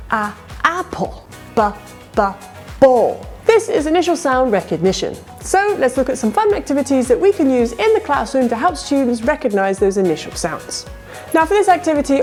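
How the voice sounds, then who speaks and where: Lively high-voiced woman teacher. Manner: upbeat, sounds out letters clearly. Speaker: ESL teacher. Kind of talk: instructional video narration.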